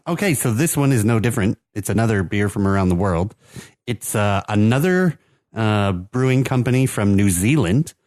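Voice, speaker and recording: A man with an American accent and a lowish voice, talking in a relaxed, rambling way full of fillers. The sound is dry and close, with no room around it. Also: normal speed, dry recording. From United States. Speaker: podcast co-host presenting the beer. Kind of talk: casual chat.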